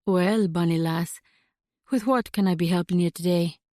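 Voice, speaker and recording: A kindly bearded shopkeeper with a soft Scottish lilt, voiced by a woman narrator. He speaks gently, in a low, mellow voice, recorded close and dry. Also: normal speed, no echo, close to an everyday voice.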